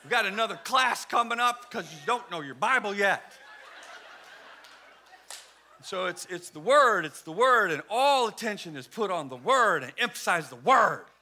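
High-voiced animated man preaching. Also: normal speed, few pauses. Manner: animated, humorous, swings between hushed and shouting. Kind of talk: sermon.

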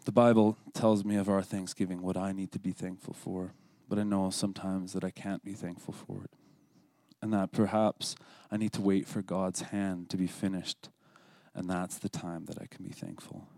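A man's voice: sits low, little pitch movement, normal speed, creaky, mellow, no echo. A man giving an earnest, scripted devotional talk at a church service, sometimes dropping to a whisper for prayers. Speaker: lay speaker at a church service.

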